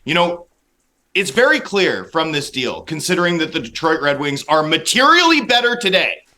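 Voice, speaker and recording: Brief: male hockey analyst, high bright voice, animated rapid-fire rant. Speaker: hockey writer guest. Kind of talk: opinionated sports analysis.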